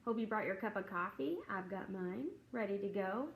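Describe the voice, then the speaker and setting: A woman's voice: medium pitch, normal speed, creaky, a little hiss or hum, poor audio. A woman who teaches and hosts a faith talk, chatting casually and acting out classroom conversations as she tells a story. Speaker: teacher and Christian video host. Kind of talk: casual devotional talk to camera.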